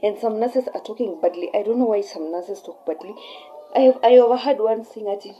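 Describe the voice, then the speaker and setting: A young woman with a Kenyan accent telling a personal story in a casual, animated way, switching between English and Swahili mid-sentence. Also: medium pitch, brisk, highs cut off. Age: young adult. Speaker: vlogger.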